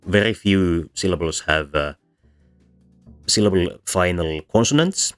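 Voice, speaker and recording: A man's voice: deep voice, unhurried. A man giving a casual, hesitant lecture on linguistics, with frequent ums and restarts. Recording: soft background music under voice.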